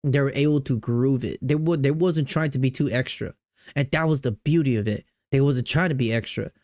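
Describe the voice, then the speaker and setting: A man's voice: medium pitch, a little fast, darkish tone, dry recording, studio quality. A young man streaming, reacting to game music in casual, slangy chat, hyped and repeating himself.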